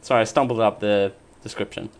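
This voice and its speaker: A man hosting a casual podcast and reading quiz questions, playful and quick to laugh. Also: fairly low pitch, steady tone. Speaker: quiz host.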